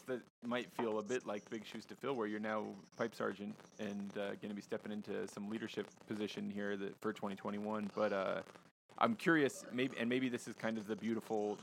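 Male interview host; low, fry-edged voice; relaxed and curious. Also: brisk, slight background noise, poor audio. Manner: easygoing, laughs along, curious questions. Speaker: podcast host. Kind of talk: casual podcast interview.

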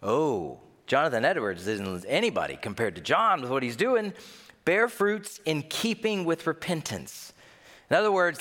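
A man preaching a sermon in a lively, animated way, sometimes acting out the voices of people he quotes. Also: fairly high pitch. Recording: long hall reverb.

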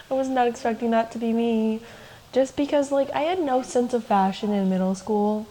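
A woman's voice: fairly high pitch, steady tone, moderate pace, warm tone, a little hiss or hum, poor audio. A young woman co-hosting a podcast, telling a personal story in a loose, chatty way full of "like" and laughing asides. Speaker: podcast co-host. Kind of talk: casual storytelling chat.

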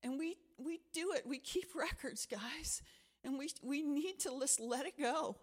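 A woman's voice: high-pitched, normal speed. A middle-aged woman pastor giving a conversational sermon, telling a personal story and acting out the voices in it. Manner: animated storytelling with acted-out quotes.

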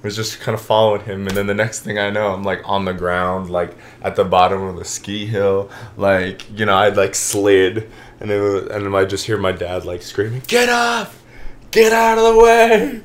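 A man in his twenties on a podcast, casually telling a long story with lively swings and casual swearing. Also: deep voice, normal speed. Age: 20s. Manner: animated storyteller, swears, says "bro". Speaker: podcast co-host. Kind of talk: casual chat.

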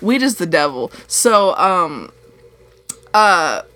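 A woman's voice: lowish voice, very animated, slow pace, pushed and bright. A young woman in her twenties co-hosting a casual podcast, telling a long rambling story full of swearing and dry sarcasm. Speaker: podcast co-host. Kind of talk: casual chat.

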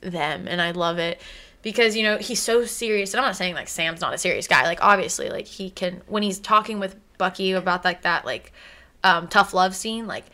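A woman's voice: fairly low pitch, normal speed, pushed and bright. A woman chatting casually about a TV episode, gushing and giggling, with lots of fillers. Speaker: episode reviewer. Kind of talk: casual chat.

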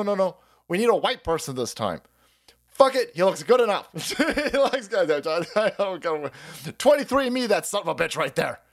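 Sarcastic, profane man with lively pitch. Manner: laughs often between lines. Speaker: livestream host. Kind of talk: livestream rant.

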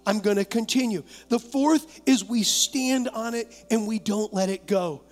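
A male pastor preaching a lively sermon, coaxing the congregation to talk back and acting out imagined doubts. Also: very high-pitched, measured pace, in a large hall, soft background music. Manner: acts out imagined voices and doubts. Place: church sanctuary, live service.

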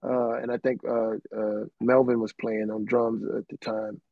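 A man's voice: medium pitch, little pitch movement, unhurried, no echo, narrow, tinny audio. A middle-aged man, a keyboardist guest telling rambling anecdotes full of restarts and "man". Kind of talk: casual storytelling.

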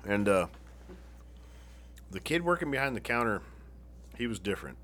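This Phoenix, Arizona man sounds very animated, his fairly low voice carrying a bright, forceful tone at a moderate pace. Chatting casually with friends, he tells rowdy stories full of swearing and laughs his way through them.

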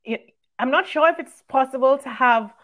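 A woman's voice: high voice, normal speed, a bit bright. A woman hosting a casual video podcast over a remote call, bubbly and teasing, laughing often. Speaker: podcast host. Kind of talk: casual chat. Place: home in Atlanta.

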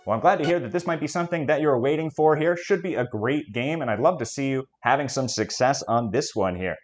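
A man's voice: medium pitch, brisk, faint music behind. A man in his forties hosting a comedy podcast, reading jokes aloud in a dry, mock-formal game-show manner. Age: 40s. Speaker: podcast host.

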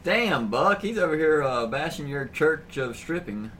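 A man's voice: fairly high pitch, animated, a little slow, fairly bright tone, a little hiss or hum. A man in casual comedy banter, teasing and laughing often.

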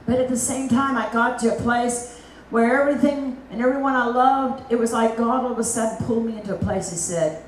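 A fairly high-voiced woman evangelist, raised in Africa, preaches with lively animation and puts on voices for God and others. She is recorded from a distance in a roomy, echoing hall, with a faint hum of ambience behind her. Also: fairly quick. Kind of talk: sermon. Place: meeting hall.

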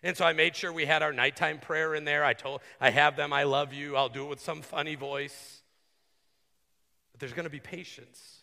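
Man, preaching, bright forceful tone, earnest conversational sermon, echoing sanctuary. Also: a little high, creaky. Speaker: pastor. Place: church sanctuary. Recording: long hall reverb.

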